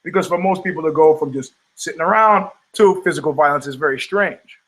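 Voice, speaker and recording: Speaking a little fast, with a fairly high voice, this older podcast host runs a talk show full of casual, profane rants. He tells his stories with animation, mimicking the voices of the people in them.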